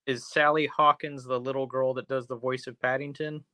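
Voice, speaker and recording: Podcast guy with a bright crisp voice, laid-back movie chat, dry sound. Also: medium pitch, flat delivery, moderate pace, dry recording. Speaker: podcast co-host.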